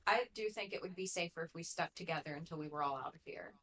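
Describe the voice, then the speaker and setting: Woman player, bright tone, matter-of-fact narration of her character. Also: lowish voice, quick pace. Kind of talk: casual tabletop game narration of her character.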